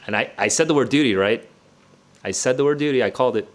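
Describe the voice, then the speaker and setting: A man hosting a book club livestream, reacting out loud as he reads. He talks casually, full of fillers, restarts and the odd swear word. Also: mid-range voice, fast talker. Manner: thinks aloud, casual and digressive, with frequent fillers and restarts.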